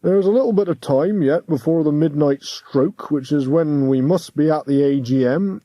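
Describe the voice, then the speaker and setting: An audiobook narrator, a man, voicing a kindly, proper older male ghost who speaks calmly and reassuringly. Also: on the high side, moderate pace, dry recording, natural voice. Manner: calm, reassuring, old-fashioned phrasing.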